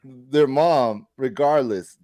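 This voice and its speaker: A man co-hosting a podcast in casual chat, telling stories with animated, acted-out quotes. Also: medium pitch, slow pace. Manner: animated storyteller acting out quoted arguments. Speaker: podcast co-host.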